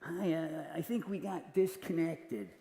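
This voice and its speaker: A man on stage putting on the voice of a laid-back male rock star who talks quietly and slowly. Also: a little high, animated, gravelly. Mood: mellow, sheepish. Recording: echoey hall with long reverb.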